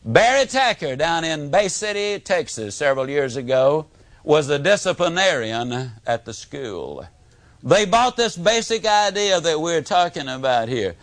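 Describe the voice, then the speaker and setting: A man giving a motivational speech to an audience, telling stories with big swings from high to low. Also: dry recording. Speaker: motivational speaker.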